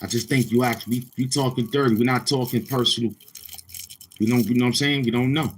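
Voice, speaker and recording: A man's voice: medium pitch, steady tone, brisk, slight background noise. A man hosting a livestream, chatting casually with viewers in a boastful, crude, repetitive manner. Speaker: livestream host.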